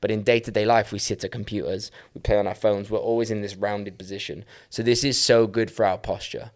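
A man's voice: fairly low pitch, steady tone, fairly quick. A man hosting a podcast, casually walking through dance fitness exercises step by step with lots of "like" and "um". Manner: chatty, with fillers like "like" and "um".

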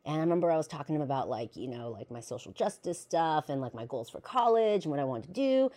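A woman with a low voice tells personal stories on her podcast. She talks in casual, slangy language, curses freely, and laughs often as she goes. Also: big pitch swings, fast talker, dark tone. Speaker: podcast host. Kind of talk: personal storytelling monologue.

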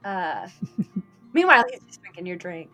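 Slow-talking woman game master. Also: fairly low pitch, very animated, sharp tone, soft background music. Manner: slow, amused narration. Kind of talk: narrating a tabletop game.

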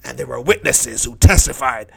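A man's voice: moderate pace, gravelly, a bit bright, slightly rough, exaggerated voice. A man performing a dramatic first-person monologue as a hardened, bitter thief dying on a cross, brooding and cynical. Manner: brooding, cynical, low-key.

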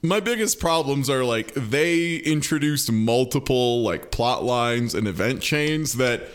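A man's voice: medium pitch, lively intonation, unhurried, clean tone. A young man co-hosting a podcast, laid-back and joking as he picks apart a TV episode. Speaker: podcast co-host. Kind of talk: casual chat recapping a TV episode.

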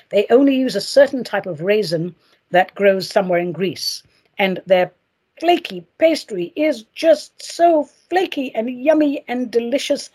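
A woman hosting her own podcast, chatting in a playful, theatrical way and gushing with excitement. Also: medium pitch, breathy edge. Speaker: podcast host.

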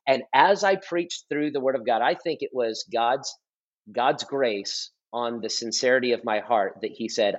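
A man in his thirties, a pastor, telling his testimony in a relaxed podcast conversation, earnest and repetitive for emphasis. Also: mid-range voice, moderate pace. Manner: earnest storytelling, repeats and restarts phrases for emphasis. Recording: slightly dull lo-fi audio.

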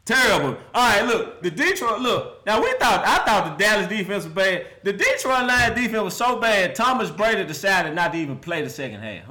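A man's voice: high-pitched, very animated, moderate pace, sharp tone, a little hiss or hum. A man hosting a football show, mocking losing teams in casual trash talk and laughing often.

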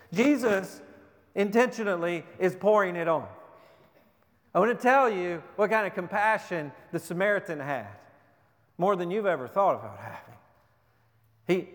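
Pastor guy preaching, pretty high voice, lots of rhetorical questions, long echo from a big church hall. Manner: emphatic, rhetorical questions, repeats words. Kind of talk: sermon. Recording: long reverb of a large hall.

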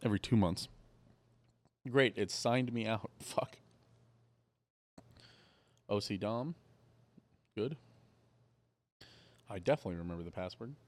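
A man's voice: on the low side, expressive, a little slow, long pauses. A man co-hosting a casual food podcast, offhand and mumbling, with the odd swear. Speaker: podcast co-host. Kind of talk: casual chat.

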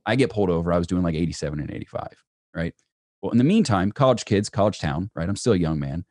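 Fast-talking low-voiced male storyteller. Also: no echo, studio quality. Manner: animated storyteller, many "right?" asides. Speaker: entrepreneur guest. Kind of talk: storytelling in a podcast interview.

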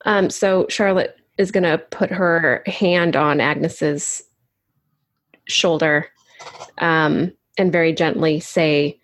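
A woman's voice: sits low, fairly even intonation, slow. A woman playing a tabletop game, speaking in a polite, tentative way.

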